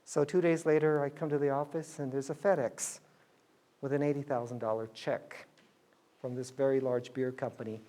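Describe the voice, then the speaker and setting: Middle-aged man, mid-pitched, animated storyteller who acts out the dialogue, motivational talk to students. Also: moderate pace. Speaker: business speaker telling a story.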